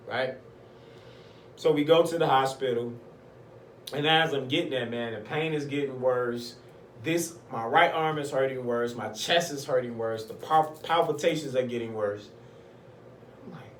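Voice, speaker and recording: A man telling a personal story in casual talk, animated and acting out other people's voices. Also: mid-range voice, normal speed, a little hiss or hum. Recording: echoey room, mic at a distance.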